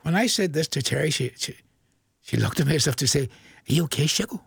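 A man's voice: fairly high pitch, expressive, fast talker, gravelly, husky, dry recording, studio quality. A man presenting a country music request show on the radio, chatty and rambling, laughing at his own jokes. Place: radio studio. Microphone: studio mic.

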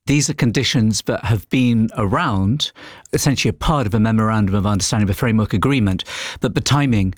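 A man reporting as a news correspondent, explaining a story in a brisk way. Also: fairly low pitch, no echo. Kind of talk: news analysis.

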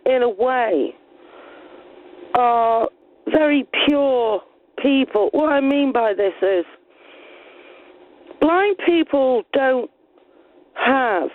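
Slow-talking woman caller on phone line. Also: high voice, lively intonation. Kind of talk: phone-in call.

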